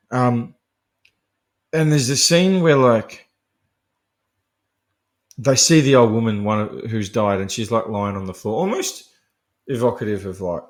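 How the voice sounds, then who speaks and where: Guy rambling about a horror movie on his podcast, swears a lot, laughs a lot, casual. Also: medium pitch. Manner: chatty and profane, laughing often; digressive, full of fillers and restarts. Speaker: podcast host. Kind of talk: casual film review monologue.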